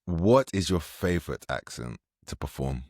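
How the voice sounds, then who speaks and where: A man with a very deep voice hosts a relaxed interview, his pitch swinging widely as he asks questions. He backs his guest up with frequent short replies, and the sound is dry and close-miked. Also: moderate pace, dry recording. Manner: encouraging, lots of short backchannel replies. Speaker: podcast host. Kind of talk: casual interview.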